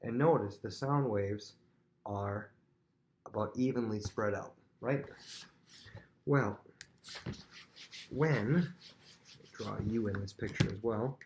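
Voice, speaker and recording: A man's voice: fairly low pitch, takes it slowly, pauses often, darkish tone, slight background noise. A man teaching a physics lesson on video, talking casually and directly to students at home. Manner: casual, chatty, talks straight to students at home.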